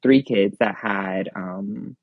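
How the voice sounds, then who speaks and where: Low-voiced man rambling through a story. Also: slow, vocal fry, dry recording, muffled recording. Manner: rambling, leans on fillers like "again" and "like". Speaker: theme park ride operator guest. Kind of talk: casual storytelling in an interview.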